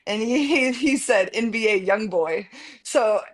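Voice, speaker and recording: A woman's voice: a little high, a little slow. A woman hosting a casual sports talk show from home, bubbly and chatty, often repeating words as she goes. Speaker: podcast host. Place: remote, apart from the studio.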